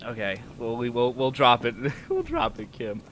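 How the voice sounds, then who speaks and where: A man's voice: medium pitch, wildly swooping pitch, moderate pace, fairly bright tone, a little hiss or hum. A man streaming a game, reading its text aloud and laughing constantly between exclamations. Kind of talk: casual let's-play commentary, reading game text aloud.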